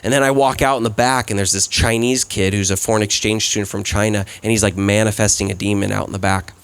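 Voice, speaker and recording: A man's voice: fairly low pitch, fairly even intonation, quick pace, clean tone. A man giving a sermon as a guest preacher, telling stories in a loose, conversational way with lots of "like" and "right?". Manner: conversational storytelling, frequent "like" and "right?". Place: events center, church service.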